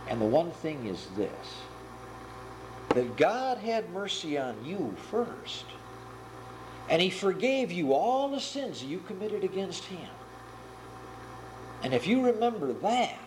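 A man preaching a sermon and retelling a parable with earnest, animated storytelling. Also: sits high, a little hiss or hum, rough recording.

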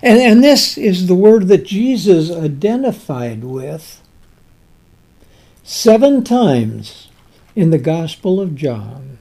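Slow, mellow-voiced man preaching a sermon. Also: high voice, very animated, vocal fry. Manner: emphatic, with dramatic pauses and swings from loud to soft; reads scripture in King James wording.

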